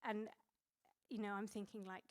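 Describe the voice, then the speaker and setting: A woman's voice: mid-range voice, little pitch movement, moderate pace. A woman in her thirties preaching a sermon in a conversational way, with many fillers and restarts.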